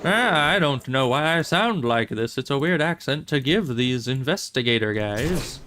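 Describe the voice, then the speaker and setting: A man's voice: mid-range voice, animated, normal speed, pushed and bright, slight background noise. A man voicing a goofy male TV investigator with an odd put-on accent, drawn out and mock-dramatic.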